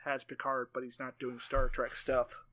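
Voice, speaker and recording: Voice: mid-range voice, monotone, moderate pace, fairly bright tone. A podcast co-host trading sarcastic quips in casual chat.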